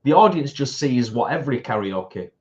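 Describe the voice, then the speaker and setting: A man's voice: medium pitch, lively intonation, moderate pace, lo-fi sound. A British man co-hosting a live stream, chatting casually, reading out viewer comments and laughing easily.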